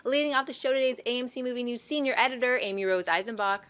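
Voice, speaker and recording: A woman's voice: a little high, racing, a bit bright. A woman hosting a movie talk show, introducing the panel and reading out viewer questions in an upbeat manner. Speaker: host.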